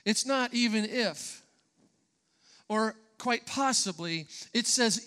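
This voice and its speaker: A man's voice: high-pitched, slow, pushed and bright, smooth. A pastor preaching a sermon to his congregation, emphatic and conversational, often repeating words and asking the listeners questions.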